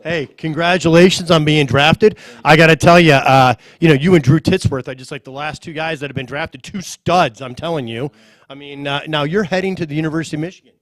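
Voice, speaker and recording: A man's voice: fairly high pitch, a little fast, no echo, rough recording. A man doing a playful on-the-spot interview, chummy and teasing.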